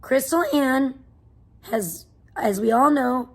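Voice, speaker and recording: A woman's voice: sits high, takes it slowly. A young woman streaming from home, venting in a profane, rambling rant. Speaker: livestreamer. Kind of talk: angry livestream rant.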